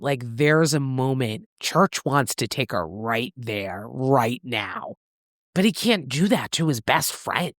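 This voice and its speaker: A woman co-hosting a casual podcast, recapping a novel with lively storytelling and freely swearing. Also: extremely low pitch, no echo, clean studio sound. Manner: animated storytelling, acts out characters' lines in shifting voices, swears freely. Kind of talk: casual book recap chat.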